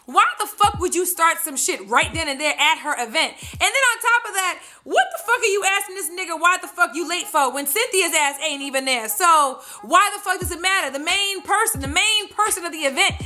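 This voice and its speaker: A woman's voice: very high-pitched, a little fast, few pauses. A woman doing a profane, sassy recap vlog of a reality show, acting out what people said. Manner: sassy, animated, acts out quotes. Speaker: vlogger reviewing a reality show.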